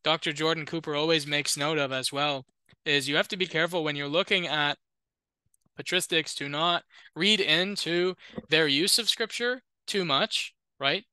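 A man's voice: on the high side, moderate pace, sharp tone, clear, resonant tone, no room sound. A man teaching as a Lutheran, reading an ancient Christian letter aloud and explaining it in a discursive, informal way with joking asides. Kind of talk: reading and commenting on an ancient text.

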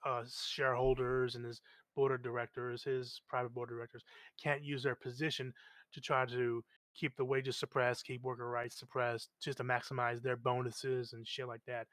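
A man talking politics in a casual discussion, animated, often stumbling over repeated words and acting out quoted voices. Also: medium pitch, normal speed, no echo. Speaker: guest.

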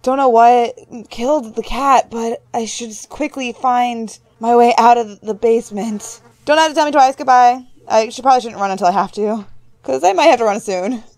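Playing a horror game for her YouTube channel, a young woman reads on-screen text aloud, cracks jokes to herself, and lets out high-pitched squeals of surprise. Her voice is a little mellow at a normal pace, with no echo.

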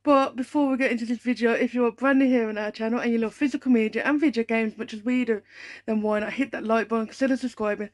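A woman's voice: a little high, fairly even intonation, fast. A British woman hosting her own weekly vlog, talking in a chatty, upbeat and rambling way. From United Kingdom. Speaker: vlogger host.

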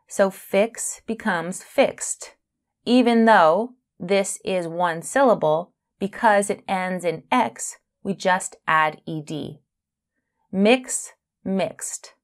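A woman teaching English grammar to beginners at an unhurried, deliberate pace. She spells out letters and leans on stressed syllables so learners can follow each word. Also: mid-range voice. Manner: slow, careful, spells out letters and stresses words.

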